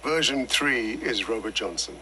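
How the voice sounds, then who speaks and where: An actor playing a self-styled American visiting professor in a TV drama, with a grand, theatrical delivery. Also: male voice, medium pitch, lively intonation, normal speed, lightly acted. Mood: pompous. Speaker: TV drama character. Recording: clip with music underneath.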